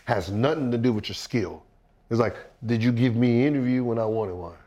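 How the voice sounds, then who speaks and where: Middle-aged guy in loose casual chat, lots of laughing, mid-pitched voice. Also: a little fast, lo-fi sound. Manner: animated, laughing, mimics others' voices.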